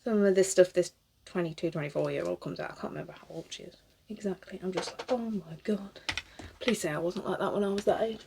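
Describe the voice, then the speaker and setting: A woman's voice: lowish voice, fast talker, gravelly, background noise. A British woman in her thirties chatting casually as she styles a wig, rambling, swearing freely and laughing often. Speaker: cosplayer. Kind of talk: casual chat while styling a wig.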